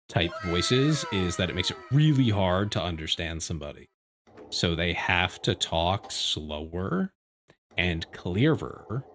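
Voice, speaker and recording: Lively low-voiced man chatting on stream. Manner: chatty, animated, laughs and rambles with frequent restarts. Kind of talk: casual livestream chat. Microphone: desk microphone.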